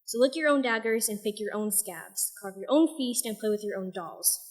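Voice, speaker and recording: A young woman reading her own poetry and a novel excerpt aloud at an open mic night, soft-spoken and a little self-deprecating between pieces. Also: mid-range voice, moderate pace.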